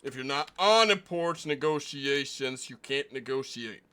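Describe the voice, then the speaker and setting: Casting: man putting on a self-important deputy marshal in a western game, bright and lively. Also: mid-range voice, clear, resonant tone, pitched above the performer's own voice. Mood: officious. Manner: officious, drawn-out rule-laying. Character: fussy male deputy marshal guarding his porch.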